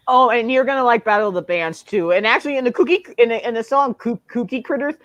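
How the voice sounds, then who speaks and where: A man's voice: very high-pitched, brisk, a bit bright, dry recording, dull audio. A man hosting a livestream in casual chat, eager and repeating himself often. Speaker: livestream host.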